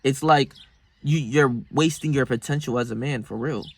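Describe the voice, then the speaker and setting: A young man, talking casually and rambling about his daily routine, swearing freely, with sudden bursts of loud excitement. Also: mid-range voice, normal speed, creaky. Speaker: self-improvement vlogger. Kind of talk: casual motivational monologue.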